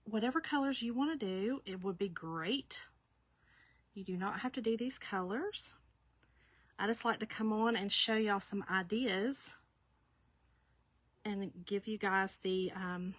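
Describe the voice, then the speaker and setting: Lady chatting on her live stream, bright voice, laughs a lot, folksy and warm. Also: mid-range voice, no echo. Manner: chatty, laughs often, greets viewers by name. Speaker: live-stream shirt maker. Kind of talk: casual live stream chat.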